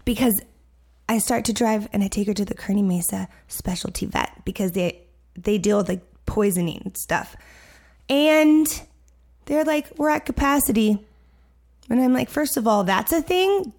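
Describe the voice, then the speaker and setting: Telling a story during casual chat, this young adult woman co-host slips into the voices of the people she quotes. She speaks at a normal speed in a mid-range voice, with an animated manner.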